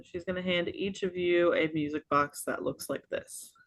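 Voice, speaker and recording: A woman running a tabletop game as game master, narrating in an unhurried way with many small pauses and fillers. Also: fairly low pitch, fairly even intonation, no room sound.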